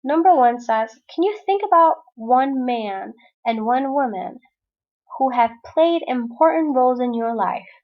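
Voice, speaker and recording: High-voiced woman teacher explaining a lesson. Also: expressive, a little slow, highs cut off. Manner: clear, patient explaining to students. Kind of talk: recorded online lesson.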